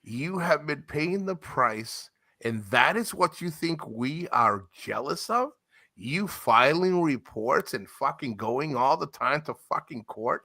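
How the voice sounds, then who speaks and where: Heated, cursing man with a bright voice. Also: on the high side, lively intonation. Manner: heated, profane, repeats insults, drawn-out words. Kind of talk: angry profane rant to camera.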